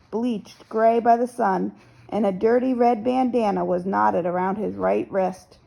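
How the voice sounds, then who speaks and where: A woman reading a novel aloud as first-person narrator, in a steady storytelling manner. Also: medium pitch, vocal fry, rough recording. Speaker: audiobook narrator.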